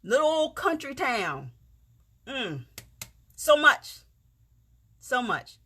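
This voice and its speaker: Woman, Gullah Geechee accent, animated delivery that swings high and low, homespun encourager. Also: slow pace, husky. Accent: Gullah Geechee, South Carolina Lowcountry. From South Carolina, USA. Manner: heartfelt, folksy, talks straight to viewers with "y'all". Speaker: vlogger, motivational speaker. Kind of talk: casual encouraging monologue.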